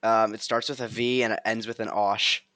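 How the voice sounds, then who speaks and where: A man's voice: lowish voice, flat delivery, moderate pace, pushed and bright, no echo. A young man hosting a casual livestream chat, giggly and rambling with lots of ums. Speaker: streamer host.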